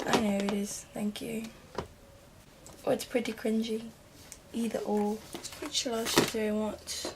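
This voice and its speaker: A woman giving a casual makeup tutorial in a chatty, rambling way, with soft muttered asides. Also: on the high side, vocal fry, very noisy. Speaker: beauty vlogger.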